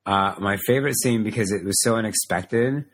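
A man's voice: lowish voice, fairly quick. A man in a casual chat who rambles and hesitates while telling his thoughts.

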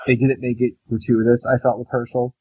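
A man chatting on a podcast, with a slightly breathy voice and a middling pitch. He tells stories with lots of energy and acts out what other people say. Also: a little fast, rough recording. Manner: animated storyteller, mimics his wife. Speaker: podcast co-host. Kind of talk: casual chat.

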